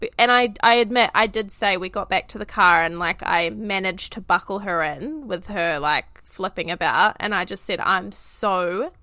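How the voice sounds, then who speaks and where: A woman's voice: mid-range voice, moderate pace, hardly any pauses, sharp tone, no room sound. A woman with a New Zealand accent, co-hosting a parenting podcast and telling a story in casual chat full of fillers. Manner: chatty storytelling with frequent fillers and laughs. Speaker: podcast co-host, mother.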